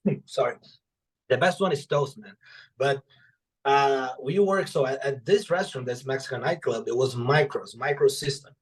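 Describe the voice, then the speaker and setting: A young adult man talks as a guest on a podcast, an author telling casual stories from his working life. His voice sits at an ordinary, middle pitch. He swears freely and jumps into other people's voices to act out what they said. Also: moderate pace. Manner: animated, profane, acts out quoted dialogue. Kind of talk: casual storytelling in conversation.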